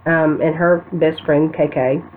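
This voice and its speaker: A middle-aged woman chimes in off to the side, speaking very slowly and haltingly with frequent "um"s. Her voice is on the low side. The audio sounds thin and tinny, like a phone line. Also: little pitch movement, a little hiss or hum. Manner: slow, halting, with "um"s. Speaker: mother of the vlogger, chiming in. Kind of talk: casual interjections.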